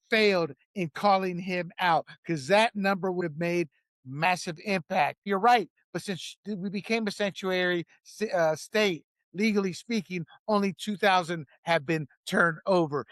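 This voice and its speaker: A man with a notably high speaking voice hosts a political talk show. He talks in a casual, opinionated way and cracks jokes. The sound is close and dry. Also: unhurried, a bit bright, no echo. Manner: opinionated, jokey, laughs at own jokes.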